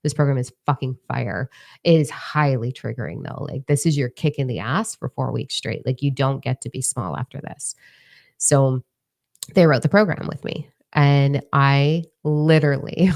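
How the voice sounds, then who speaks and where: A woman mentor talking casually to her followers in a livestream, blunt, profane and energetic. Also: a bass voice, normal speed, gravelly. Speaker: mentor and social media creator.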